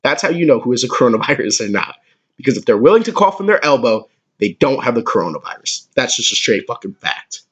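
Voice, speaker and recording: A man in his twenties hosting a comedic podcast, with a crude, excitable way of talking and a lot of swearing. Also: mid-range voice, fast, slightly rough. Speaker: podcast host.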